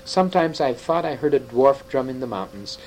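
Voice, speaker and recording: A man's voice: medium pitch, animated, moderate pace, a little mellow, a little hiss or hum, lightly acted, rough recording. A man voicing an old male half-dwarf scholar, wise and sorrowful, speaking in a grave and tender way. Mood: earnest.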